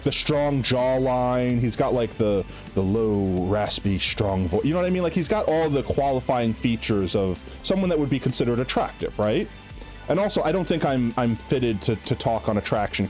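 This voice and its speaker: Nasal-voiced male streamer, very lively. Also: medium pitch. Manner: rambling, full of "like" and "right?". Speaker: live streamer. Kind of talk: casual chat while gaming.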